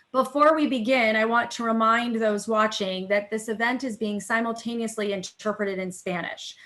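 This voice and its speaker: A woman moderating an online panel over a video call. She speaks in a measured, semi-formal way at a middle pitch and now and then fills a pause with "um" or "uh". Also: a bit bright. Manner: measured, semi-formal opening remarks with some fillers. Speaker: think tank vice president hosting a webinar.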